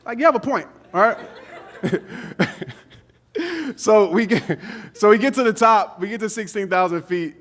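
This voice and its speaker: A man giving a motivational speech to a live audience, telling a personal story in an animated, casual way with slang. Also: high voice, moderate pace, pauses often. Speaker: motivational speaker.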